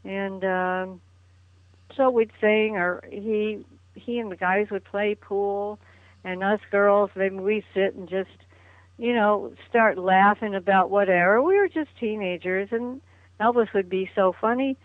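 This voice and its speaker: A woman's voice: mid-range voice, measured pace, dry recording. Older lady telling stories over the phone, laughs a lot, thin dry phone sound. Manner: chatty, reminiscing, laughs often. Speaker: interview guest. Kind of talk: phone interview. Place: at home on a phone call. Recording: tinny dry phone line.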